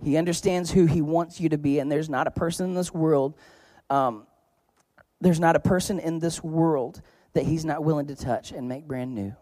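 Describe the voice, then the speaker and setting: A man with a fairly high voice preaches a sermon in a loose, conversational style. He tells stories with humor and hits certain words with sudden loud emphasis. The sound is close and dry. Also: fairly even intonation, moderate pace, no echo. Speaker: pastor. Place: church.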